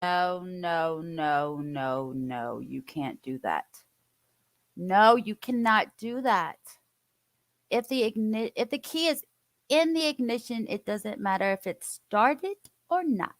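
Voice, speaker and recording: Reaction commentator, female, slow and offhand, close dry mic. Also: medium pitch, animated, no room sound. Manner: joking, laughing asides.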